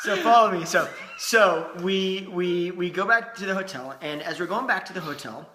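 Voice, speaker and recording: A man in his thirties, a podcast co-host, telling a funny personal story in casual chat, animated and laughing often. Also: high-pitched, moderate pace, reverberant, very noisy.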